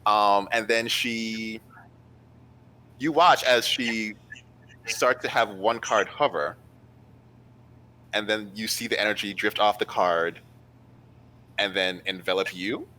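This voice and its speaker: A man's voice: lowish voice, steady tone, slow, pauses often, bright, forceful tone, low-quality recording. A man narrating a tabletop game as game master in a loose, casual way full of fillers.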